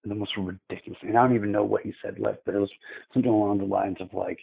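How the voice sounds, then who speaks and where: A man with a low, gravelly, very husky voice recounts a frightening experience. He talks haltingly, circling back and repeating words. The sound comes through a narrow, phone-like line. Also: steady tone. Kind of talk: telling a frightening personal story.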